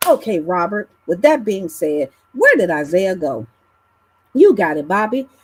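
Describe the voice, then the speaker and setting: A woman's voice: measured pace, slightly rough, no room sound, rough recording. A woman on a live online panel, chatting casually in a teasing, blunt way with some swearing. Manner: animated with big pitch swings. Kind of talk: casual live-stream chat.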